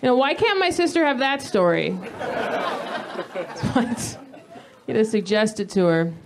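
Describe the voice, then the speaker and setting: Woman comic in her thirties, stand-up set, higher voice, animated storyteller who flares into mock rants. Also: measured pace, a crowd in the background. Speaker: stand-up comedian. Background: audience laughter.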